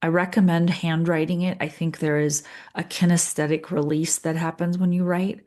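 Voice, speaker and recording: A middle-aged woman leading a guided coaching session, calm and earnest, repeating phrases with pauses. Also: fairly low pitch. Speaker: leadership coach.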